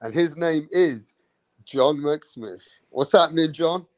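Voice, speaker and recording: A man hosting a casual live-stream chat, teasing and goading a guest with loud rapid taunts. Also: a little high, dry recording. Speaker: show host.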